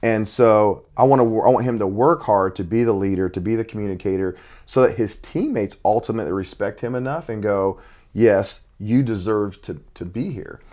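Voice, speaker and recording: A middle-aged man talks in intense, rushed bursts and trips over his own restarts. His voice sits a little low. He sounds like a basketball coach chatting about his work. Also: darkish tone. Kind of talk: casual conversation.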